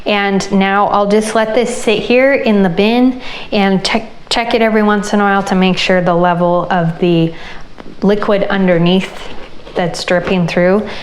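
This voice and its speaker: A woman hosting a crafting channel, explaining an ice-dye project as she works in a relaxed way. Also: medium pitch, a little hiss or hum, rough recording. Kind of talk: casual craft tutorial.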